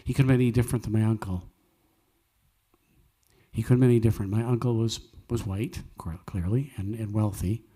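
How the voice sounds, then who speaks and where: A man's voice: lowish voice, fairly quick, long pauses, mellow, slightly rough. Folksy man hosting a show. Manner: earnest, emphatic, jokey asides. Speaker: host of a live music night. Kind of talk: folksy storytelling with preaching. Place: live cafe music venue.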